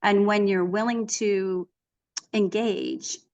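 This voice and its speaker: A middle-aged woman, a guest author, chatting in an interview, telling stories in an animated way with frequent restarts. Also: medium pitch, takes it slowly, highs cut off. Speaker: author and equine therapist, guest. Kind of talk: casual interview conversation.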